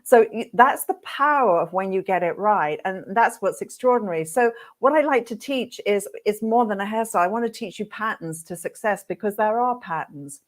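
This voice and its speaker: A middle-aged woman teaching hairdressers in a webinar, telling stories with lively, acted-out reactions. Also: medium pitch, moderate pace, few pauses. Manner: lively, animated storyteller who acts out her own reactions. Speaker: hairdressing educator hosting a webinar. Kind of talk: webinar talk with storytelling.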